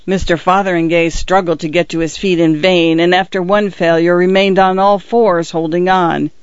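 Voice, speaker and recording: High, clear-voiced male story narrator. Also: no echo, dull audio. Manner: measured, expressive storytelling. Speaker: audiobook narrator.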